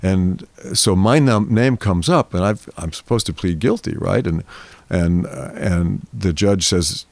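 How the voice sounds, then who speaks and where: A man's voice: low voice, measured pace, gravelly, darkish tone, no room sound. A man, a guest in a therapy interview, telling a long rambling anecdote in casual talk and acting out the people in it. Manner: rambling anecdotal storytelling, acts out quoted voices.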